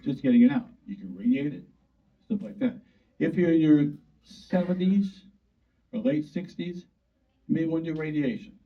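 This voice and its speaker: Blunt, folksy older man, tinny and distant. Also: medium pitch. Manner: folksy, blunt, plain-spoken, acts out quoted dialogue. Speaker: urologist speaking to a club. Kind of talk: informal talk to an audience. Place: meeting room. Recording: distant mic over a tinny phone-like line.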